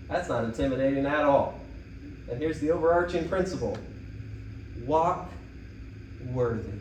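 A pastor delivering an animated, emphatic sermon in a church. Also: male voice, high-pitched. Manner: animated preaching, emphatic quoted asides. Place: church sanctuary. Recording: echoey room, distant mic, faint noise.

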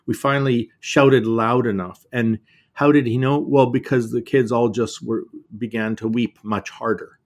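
Earnest halting man telling stories. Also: medium pitch, steady tone. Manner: earnest, often halting and repeating words. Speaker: author and guest. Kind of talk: reflective conversation.

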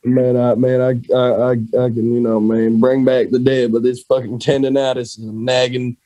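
A man's voice: mid-range voice, little pitch movement, normal speed, dark tone, no echo, lightly acted, poor audio. A man voicing a rambling, complaining Jesus with a southern American accent, peppering every phrase with "man". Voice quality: drawling, rambling with "man" fillers. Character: whiny drawling southern Jesus on the cross, adult man. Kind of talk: comedic improv.

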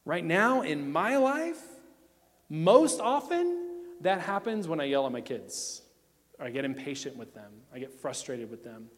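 A man preaching an emphatic sermon, his voice a bit higher than most men's. He moves between loud declarations and hushed stretches, and a long reverb trails each phrase as if in a big hall. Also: animated, a little slow, faint music behind. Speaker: pastor.

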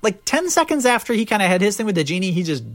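A man's voice: high-pitched, fast talker. A young man hosting a podcast, joking casually through a movie review with lots of fillers. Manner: animated, joking rants with fillers. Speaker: podcast host.

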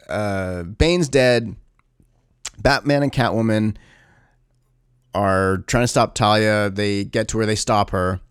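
Man, low voice, dry recording, casual movie recap, rambling, sarcastic. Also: smooth, no echo. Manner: rambling, sarcastic, lots of fillers. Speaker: movie reviewer.

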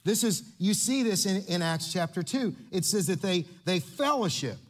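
A man preaching a sermon, animated and playful, joking with the congregation. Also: high-pitched, moderate pace. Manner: animated, playful, coaching volunteers on stage. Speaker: pastor.

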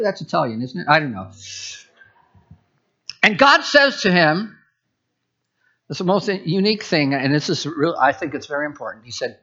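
A man's voice: on the high side, very animated, moderate pace, long pauses, sharp tone, highs cut off. A man preaching as a pastor, conversational, with asides and restarts. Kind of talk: sermon.

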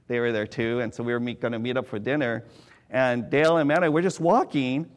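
A man from California preaching, telling a story in an animated way, swinging from loud excited bursts to quiet hushed tones. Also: mid-range voice, quick pace. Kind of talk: sermon storytelling.

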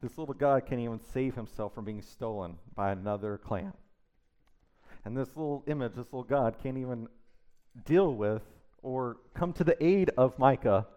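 A man's voice: mid-range voice, normal speed, mellow, clean tone. A middle-aged man preaching a sermon in an emphatic, conversational way, full of rhetorical questions. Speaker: pastor.

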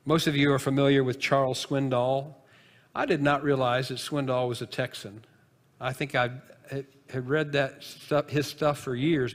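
A man preaching from the pulpit in a relaxed, chatty way, slipping into asides and starting sentences over. His voice sits at an everyday middle pitch. The church hall gives it a long, echoing tail. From northern United States. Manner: conversational, folksy, with asides and restarts. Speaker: pastor. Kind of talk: sermon.

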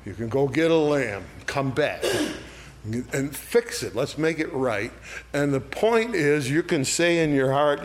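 A man's voice: on the high side, a little slow. A man leading an adult Bible study, explaining verses in a conversational way and often checking in with "all right?". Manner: explains verses by acting out lively quoted voices. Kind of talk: unscripted Bible study teaching.

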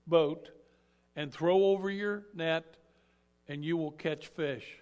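A man voicing a calm, patient male teacher who gives gentle, plain instructions. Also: a little high, takes it slowly, clean tone.

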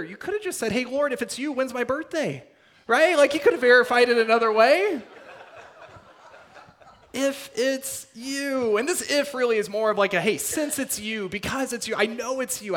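Male pastor, slightly high voice, expressive sermon delivery that swings from emphatic to hushed. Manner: dramatic, swings between loud emphasis and hushed near-whispers.

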